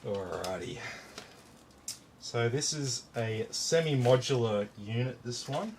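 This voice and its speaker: A man's voice: medium pitch, animated, takes it slowly, a little mellow, a little hiss or hum. An Australian man chatting casually while building a PC, rambling through a story with lots of fillers and the odd swear word. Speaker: PC builder hosting a live stream. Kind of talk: casual chat while working.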